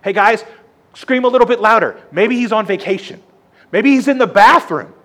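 A preacher acting out a male prophet who taunts loudly and then pleads with indignation. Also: a little high, sing-song, unhurried. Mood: taunting. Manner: taunting, raised and loud.

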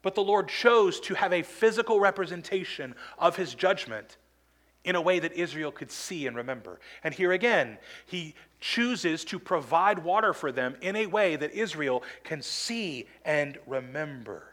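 Pastor guy giving a sermon, kinda high voice, emphatic, acts out quotes. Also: lively intonation, moderate pace, fairly bright tone.

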